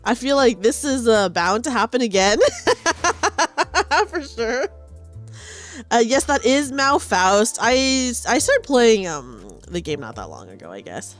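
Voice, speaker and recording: Bubbly, lively young woman streamer. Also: fairly high pitch, takes it slowly, faint music behind. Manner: playful, giggly, reads game dialogue aloud to chat. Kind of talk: casual gameplay commentary.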